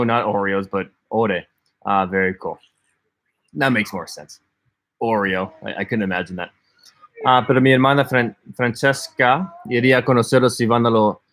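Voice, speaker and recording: A man's voice: medium pitch, fairly bright tone. A man co-hosting a casual livestream, chatting as he reads out and answers viewer comments. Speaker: livestream co-host.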